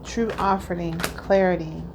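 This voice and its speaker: A woman's voice: on the low side, steady tone, unhurried, noisy background. Earnest woman giving a tarot reading. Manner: repetitive, earnest, keeps checking in with "okay?"; emotional, heartfelt. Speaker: tarot reader.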